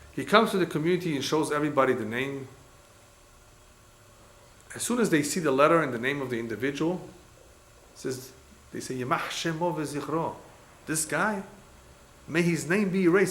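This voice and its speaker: A man teaching as a rabbi, telling stories in an animated way and acting out the dialogue as he lectures. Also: fairly high pitch. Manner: animated storyteller, acts out quoted dialogue. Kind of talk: lecture with storytelling. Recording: echoey room, faint background noise.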